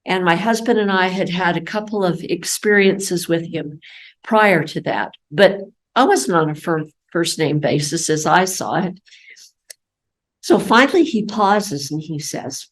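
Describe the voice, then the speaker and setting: An older woman giving a storytelling talk, lively and acting out the voices of people she quotes. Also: medium pitch, a little slow, low-quality recording. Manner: animated, acts out quoted voices. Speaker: guest speaker.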